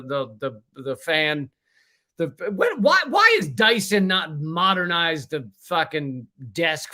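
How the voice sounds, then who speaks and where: A man streaming live from a stuffy room, talking in a high, bright voice. He rants casually and jokes a lot, with plenty of swearing. His delivery stays loose and animated as he hosts his own show. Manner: profane, joking, animated. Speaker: livestream host. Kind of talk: casual political livestream rant. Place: hot room without a fan.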